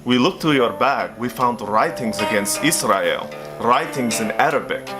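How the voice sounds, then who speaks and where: A stone-faced airport security guard, burly and stern, as a male comedian acts him out. His delivery is flat and unimpressed, at an ordinary middle pitch. Music plays clearly underneath. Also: measured pace, lightly acted.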